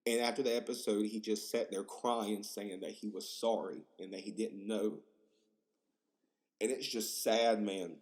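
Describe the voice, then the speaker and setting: Rambling, excitable young male podcaster. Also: fairly low pitch, a little slow. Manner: rambling, profane, excitable, lots of fillers. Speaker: podcast host. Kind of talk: casual solo podcast rant.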